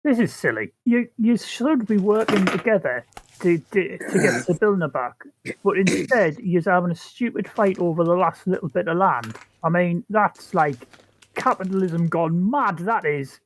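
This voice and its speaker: A woman's voice: lowish voice, lively intonation, moderate pace, a little hiss or hum. A woman playing a tabletop game, talking bluntly and scolding in character. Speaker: player.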